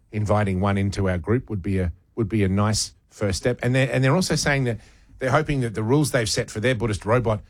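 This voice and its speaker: Chatty radio host, low dry voice. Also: male voice, no room sound. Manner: chatty, playful, wry asides. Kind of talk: casual on-air banter and reading a news story. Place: radio studio. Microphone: studio microphone.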